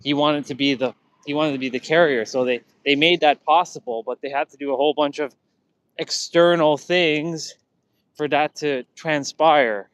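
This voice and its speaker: A man's voice: a little high, fairly even intonation, moderate pace, clean tone, no echo, rough recording. A man telling stories in a loose, casual way, rambling, restarting sentences and acting out what people said. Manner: rambling, many restarts, acts out quotes. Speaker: vlogger. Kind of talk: casual storytelling.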